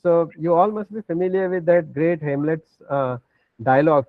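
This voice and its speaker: Male lecturer, fairly high voice, explanatory, thin phone-like call audio. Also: normal speed, no echo. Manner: explanatory, checks in with frequent "okay". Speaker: teacher. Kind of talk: online class lecture. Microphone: video call.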